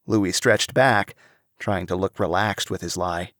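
A man narrating a storybook with an expressive reading. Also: low-pitched, moderate pace, no echo, studio quality.

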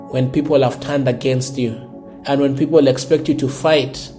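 Over faint music, a pastor from South Sudan delivers an earnest sermon, frequently repeating words as he searches for phrasing. His warm voice is medium-pitched with fairly even intonation at a normal speed.

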